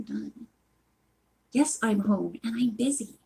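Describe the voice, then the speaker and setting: A woman's voice: fairly high pitch, measured pace, gravelly, warm tone, husky. A woman at home reading a mystery novel aloud, breaking off for chatty, apologetic asides. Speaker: reader of a book series.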